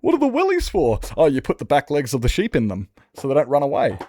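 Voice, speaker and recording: A man's voice: fairly high pitch, wildly swooping pitch, quick pace, dark tone, slight background noise. An Australian man chatting casually and joking with his chat while streaming a building game. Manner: joking, self-mocking banter with chat.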